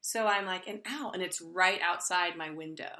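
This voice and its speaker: A woman's voice: on the low side, normal speed, roomy sound. A woman co-hosting a podcast in casual chat, telling stories animatedly and imitating bird calls. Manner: animated storyteller, imitates owl hoots. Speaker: podcast co-host.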